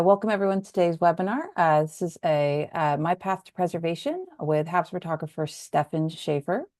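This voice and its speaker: A woman with a low voice and a gravelly, creaky edge opens an online webinar, reading her welcome and sponsor notes in a steady, scripted way. The sound is dry and close, like a computer mic on a video call. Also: no room sound. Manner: reads announcements, occasional fillers. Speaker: webinar programs manager.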